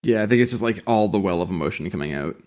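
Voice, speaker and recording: A man's voice: deep voice, animated, quick pace, a little mellow. A man co-hosting a podcast in casual chat, joking and acting out quoted lines. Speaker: podcast co-host.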